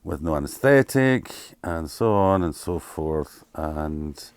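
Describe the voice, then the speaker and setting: Deep, clear and resonant, the slow-paced voice of a Scottish keyboard player in his fifties comes through a dry recording. He shares candid anecdotes in a casual interview, animatedly impersonating what others said and swearing as he goes.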